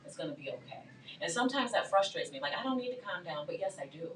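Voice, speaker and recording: A woman's voice: medium pitch, expressive, quick pace, fairly bright tone. A woman guest on a talk show, explaining plainly and using simple comparisons. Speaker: guest speaker. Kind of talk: casual studio discussion. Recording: echoey studio, mic at a distance, faint hum.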